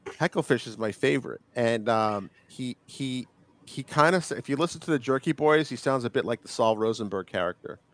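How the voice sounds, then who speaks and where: A man co-hosting a podcast in casual chat, talking in halting bursts with lots of fillers and restarts. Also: medium pitch, animated, no room sound. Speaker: podcast co-host.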